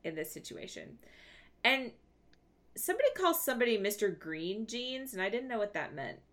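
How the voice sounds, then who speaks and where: A woman's voice: on the high side, sing-song, fairly bright tone. A woman co-hosting a podcast, casually recapping TV scenes with a chatty manner. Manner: chatty, recounting scenes with quick laughs. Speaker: podcast co-host.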